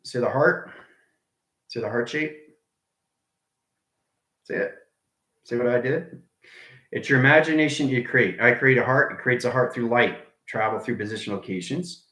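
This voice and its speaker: Speaking at a normal speed with long pauses, this man's mid-range voice has a fairly bright tone and echoes around the room. He's an online spiritual teacher on a livestream, talking enthusiastically and repetitively and slipping into whispers at times.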